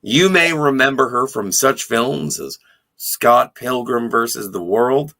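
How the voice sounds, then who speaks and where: A man's voice: mid-range voice, slow pace, sharp tone. A man co-hosting a podcast, chatting enthusiastically about a TV episode with jokey, profane asides. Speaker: podcast co-host. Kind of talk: casual chat recapping a TV episode.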